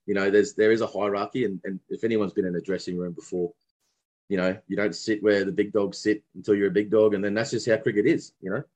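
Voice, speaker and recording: A man's voice: fairly low pitch, steady tone, fast talker, darkish tone. A man from Brisbane with an Australian accent, reminiscing about his cricket days in a casual interview, rambling with many restarts. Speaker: guest, former cricketer.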